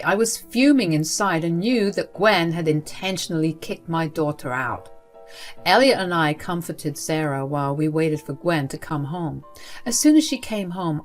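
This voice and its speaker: Woman narrating a story over soft music. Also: low-pitched, expressive, normal speed. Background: soft background music.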